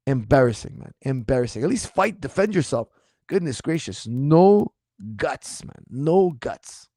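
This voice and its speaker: A man coaching martial arts who answers viewer questions in a casual livestream, speaking in an animated, incredulous and mocking way, his voice slightly strained. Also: mid-range voice, measured pace, no room sound, clean studio sound.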